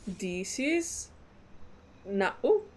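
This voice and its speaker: Slow-talking woman playing a game. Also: medium pitch, sing-song, darkish tone, a little hiss or hum. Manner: slow, chatty, giggly reactions. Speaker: gaming streamer. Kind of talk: reading game text and commenting.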